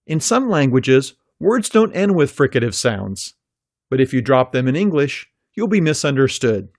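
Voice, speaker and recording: A man teaching an English pronunciation lesson from a script, with a careful, clearly articulated delivery. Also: mid-range voice, big pitch swings, moderate pace, no room sound, clean studio sound.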